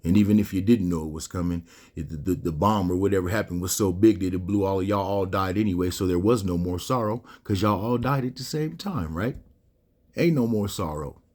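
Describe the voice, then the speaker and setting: Low deep guy ranting about loss, slangy, asks the crowd questions, middle-aged, kinda choked up. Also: fairly quick, a little mellow. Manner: preachy, rhetorical questions, slangy. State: emotional, near tears. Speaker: host. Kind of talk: monologue to camera.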